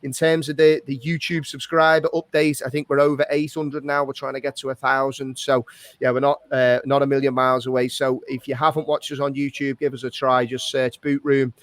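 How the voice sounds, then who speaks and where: A man hosts a laid-back podcast chat, his voice sitting at an ordinary middle pitch. He swears freely and talks in loose restarts. The sound is dry and close, with no room around it. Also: level tone, fairly quick, no room sound. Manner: swears often, laughs along, rambling restarts. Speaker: podcast host. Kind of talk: casual chat with friends.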